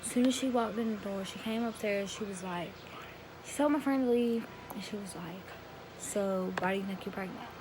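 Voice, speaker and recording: A teenage girl talks to her camera, retelling a personal story in a loose, rambling, emotional way with plenty of slang. Her voice sits at an ordinary middle pitch for a young woman. A steady hiss of room noise runs under the recording. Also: moderate pace. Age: teens. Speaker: vlogger.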